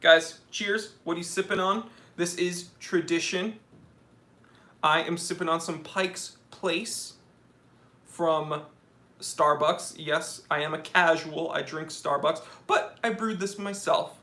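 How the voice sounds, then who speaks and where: Chatty, bright-voiced man hosting a live stream. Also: on the high side, steady tone, slow. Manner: chatty, joking, reads viewer comments aloud. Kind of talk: casual live stream Q&A reading chat. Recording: echoey room.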